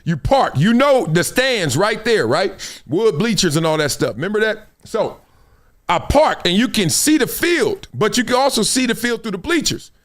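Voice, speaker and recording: A man's voice: high voice, big pitch swings, normal speed, a bit bright. A middle-aged man with a Los Angeles accent, hosting his show and telling a long story in casual chat, acting out the scenes with slang. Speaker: host.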